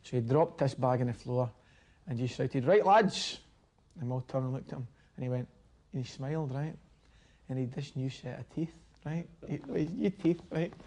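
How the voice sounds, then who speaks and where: A man tells an old dressing-room story in a relaxed, amused way. His voice is a plain mid pitch for a man. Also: brisk. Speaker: former footballer telling stories. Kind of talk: anecdotal storytelling.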